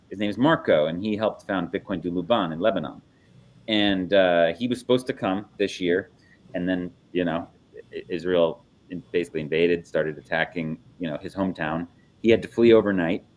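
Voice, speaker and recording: A man's voice: low voice, moderate pace, a little hiss or hum. A man talking casually on a panel about his organization's events, loose and conversational with many fillers. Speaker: Bitcoin nonprofit organizer.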